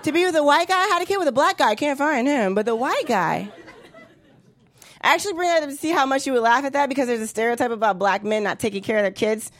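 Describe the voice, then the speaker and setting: Woman, 30s, stand-up comic; high voice, brash, profane delivery. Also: lively intonation, quick pace, fairly bright tone. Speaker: stand-up comedian. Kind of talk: stand-up comedy set.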